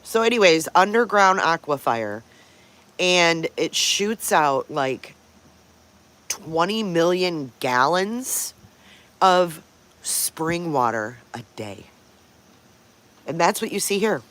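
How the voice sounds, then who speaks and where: Style: casual livestream chat. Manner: chatty, greets viewers by name, breaks off to coo at pet dogs. Pitch: medium. Role: host. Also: sing-song, takes it slowly, long pauses, a bit bright.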